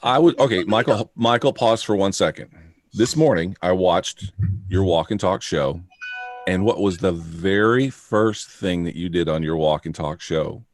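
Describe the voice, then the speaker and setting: A man's voice: low-pitched, measured pace, dry recording. A man co-hosting a casual live chat, teasing his friend while patiently explaining things to the audience.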